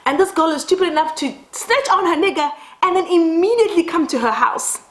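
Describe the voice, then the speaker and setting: A woman who vlogs about beauty tells a dramatic story while doing her makeup at home. She is animated and swears casually. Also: very high voice, brisk. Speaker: beauty vlogger. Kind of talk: casual get-ready-with-me storytelling. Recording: roomy echo.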